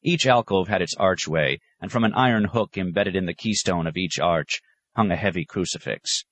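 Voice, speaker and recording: A man narrating a novel in a calm, expressive storytelling voice. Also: low voice, normal speed. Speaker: audiobook narrator. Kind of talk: scripted narration.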